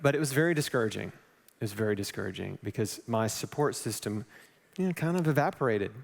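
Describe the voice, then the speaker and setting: A man speaking on stage at a live event, telling a personal story with animated, self-deprecating asides to the audience. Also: on the low side, a little fast, creaky. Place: large event hall on stage. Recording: long hall reverb.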